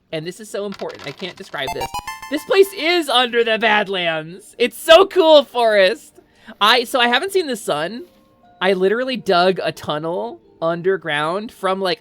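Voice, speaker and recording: A woman VTuber streaming live, chatting casually while gaming in an excitable, giggly, rambling way. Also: mid-range voice.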